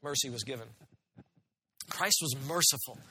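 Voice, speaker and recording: A man's voice: medium pitch, moderate pace, pushed and bright, husky, long reverb tail. A man preaching a sermon as pastor, earnest and emphatic, often asking his listeners questions.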